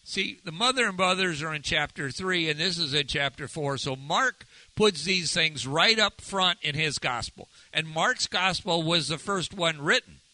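A man leads a relaxed Bible lesson, moving between reading and casual commentary. His voice is very bright and sits slightly high for a man, and the sound is close and dry with no room echo. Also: normal speed, hardly any pauses. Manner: conversational, animated when retelling. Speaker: Bible study teacher. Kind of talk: informal sermon teaching.

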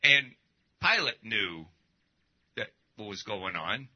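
Animated preacher man, lo-fi sound. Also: fairly low pitch, takes it slowly, breathy edge. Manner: emphatic, lively preaching with rhetorical questions. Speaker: pastor. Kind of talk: sermon.

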